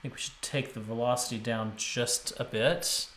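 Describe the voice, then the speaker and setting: A man's voice: mid-range voice, fairly even intonation, moderate pace. A man arranging music on a live stream, thinking aloud with restarts and chatting to viewers. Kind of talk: casual live-stream commentary. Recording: roomy with instrument playback. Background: musical instrument playback.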